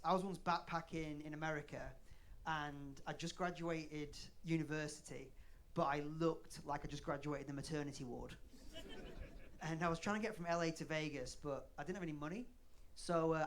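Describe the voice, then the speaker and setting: A man in his thirties from northern England performs a live stand-up set on a comedy club stage, bantering with the crowd in a sweary, self-deprecating way. His voice sits on the high side and sounds a bit bright, with a slight hiss or hum in the recording.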